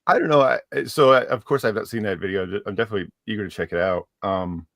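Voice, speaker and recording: Man, low voice, hesitant, halting, casual chat guest. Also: gravelly, fairly bright tone, no echo, clean studio sound. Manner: hesitant, halting, full of fillers.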